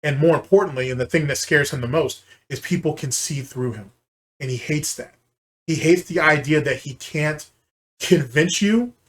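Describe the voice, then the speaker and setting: A man's voice: fairly high pitch, moderate pace, fairly bright tone. A man hosting a commentary channel, ranting in a heated, profane and scornful way while reacting to a clip.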